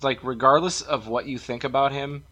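A man's voice: mid-range voice, fairly even intonation, moderate pace, fairly bright tone, muffled recording. Rambling male podcast host. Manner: rambling, chatty storyteller. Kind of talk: casual podcast chat.

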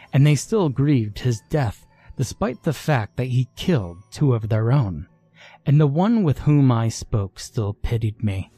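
Slow, husky male horror narrator. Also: medium pitch, mellow, no room sound. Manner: measured first-person storytelling. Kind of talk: scripted horror story narration.

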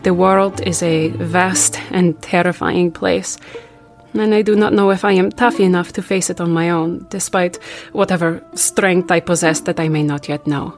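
A woman's voice: fairly low pitch, fairly even intonation, normal speed, soft background music, natural voice. A woman voicing a secretive young woman who is unsure of her vampire family, speaking earnestly with formal wording in a tabletop role-play.

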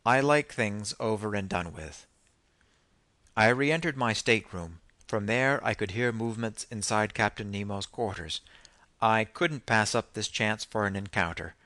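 A man narrating a novel in the first person in a measured, even storytelling manner. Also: on the low side, dry recording. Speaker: audiobook narrator.

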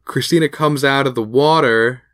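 A man's voice: mid-range voice, moderate pace, fairly bright tone, no room sound. A man co-hosting a podcast, recapping an episode in casual chat with lots of fillers and restarts. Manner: rambling, full of fillers and restarts. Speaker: podcast co-host.

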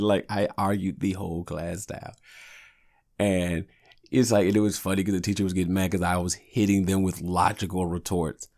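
Deep raspy dude rambling on his podcast, cussing, laid back. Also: steady tone, normal speed, a little mellow. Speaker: podcast host. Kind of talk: casual solo podcast monologue.

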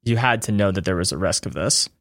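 A man voicing a world-weary, condescending former comrade in a tabletop game, speaking in a measured way. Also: sits low, expressive, creaky, fairly bright tone, no echo, studio quality, heavily acted. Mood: exasperated.

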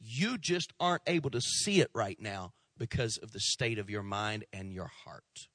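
A male pastor preaching a sermon to his church, impassioned at first, then soft and pleading as he calls people forward. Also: lowish voice, expressive, normal speed, no room sound, clean studio sound. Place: church sanctuary.

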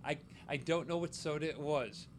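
A man's voice: on the high side, normal speed, a little hiss or hum. A man co-hosting a casual chat, retelling a story in an easygoing, hesitant way. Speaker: podcast co-host.

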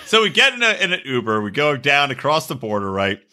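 A man's voice: medium pitch, very animated, quick pace, bright, forceful tone. A man co-hosting a podcast in casual chat, telling crude stories and acting out the people he quotes. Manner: storytelling, crude jokes, acts out quoted voices. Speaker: podcast co-host.

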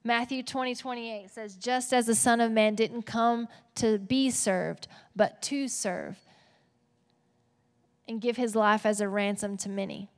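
A woman's voice: fairly high pitch, measured pace. Texas woman preaching in a reverberant hall. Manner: animated, playful asides. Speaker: pastor. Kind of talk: sermon. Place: church auditorium.

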